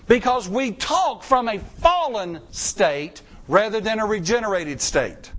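High-voiced folksy preacher man. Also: a bit bright. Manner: folksy, conversational preaching with wide pitch swings. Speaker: pastor. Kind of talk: sermon.

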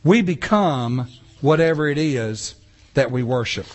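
A man preaching a sermon in church, animated, with casual asides and rhetorical questions to the congregation. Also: medium pitch, measured pace. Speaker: pastor. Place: church sanctuary.

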